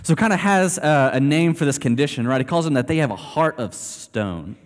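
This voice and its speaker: A man's voice: on the high side, lively intonation, fairly quick. Male pastor, easygoing conversational sermon delivery, reverberant sanctuary sound. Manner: casual, conversational preaching with many fillers. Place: church sanctuary. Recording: long hall reverb.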